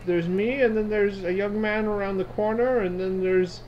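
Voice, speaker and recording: A confused old woman, put on by a man in a tabletop game, her voice pitched high and quavering as she fumbles through her words. She rambles and loses her thread. The recording is slightly dull, with a faint hiss. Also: steady tone, moderate pace, close to an everyday voice. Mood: befuddled. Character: frail, puzzled old woman at her door.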